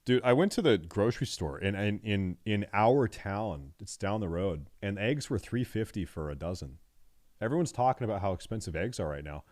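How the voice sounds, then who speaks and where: A man streaming live and reacting to videos in a loud, joking, profane way. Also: on the low side, animated, normal speed, no echo, studio quality.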